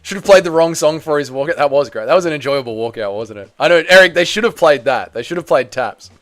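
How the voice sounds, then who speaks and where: A man's voice: on the high side, expressive, quick pace, fairly bright tone. A young man hosting a live fight watch-along, chatting casually and joking while answering the chat. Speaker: host.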